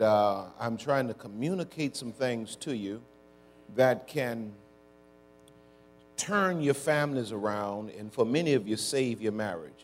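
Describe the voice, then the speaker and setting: A male pastor delivers a sermon in a relaxed conversational way, prompting the congregation to answer back. His talk is folksy and down-home, full of y'all and ain't. Faint music sits beneath his voice in the church. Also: mid-range voice. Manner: call-and-response with congregation.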